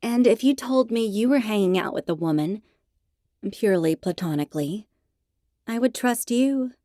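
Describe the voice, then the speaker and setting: A woman's voice: medium pitch, lively intonation, normal speed, dark tone, dry recording, studio quality, pitched above the performer's own voice, close to an everyday voice. A woman voicing an exasperated young woman who argues with her boyfriend in a raised, indignant, pleading tone. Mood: earnest.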